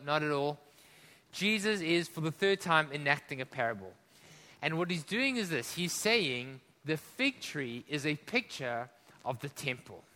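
African-born preacher guy, high-ish forceful voice, goes big then drops way quiet, echoey church hall. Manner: impassioned, swinging between loud emphasis and hushed drops; rhetorical questions to the congregation. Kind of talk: sermon.

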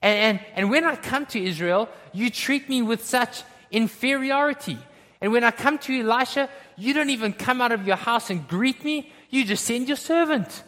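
A man's voice: very high-pitched, normal speed, a bit bright, pitched above the performer's own voice. A man voicing a proud, indignant army commander who feels insulted and demands respect. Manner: affronted, demanding, self-important. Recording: long hall reverb.

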